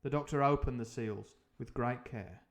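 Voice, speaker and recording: A man's voice: mid-range voice, moderate pace. A man reading a novel aloud on a live stream, who often breaks off into rambling, jokey tangents full of ums and uhs. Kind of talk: live book reading with comic asides.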